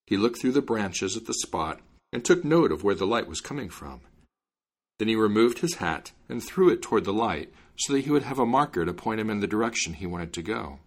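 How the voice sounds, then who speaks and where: Male storybook reader, low husky voice, expressive lively delivery. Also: brisk. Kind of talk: fairy tale reading.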